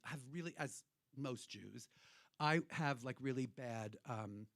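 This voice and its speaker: A man's voice: medium pitch, unhurried, creaky, a bit bright, dry recording, studio quality. A man hosting a cabaret show, talking to the audience in rambling, irreverent stage banter, swearing freely. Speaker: cabaret host and performer. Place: hotel cabaret room.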